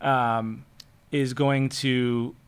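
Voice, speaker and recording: Man, guest, smooth resonant voice, measured, earnest. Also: medium pitch, level tone. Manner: measured, earnest, restarts mid-sentence. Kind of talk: casual roundtable chat.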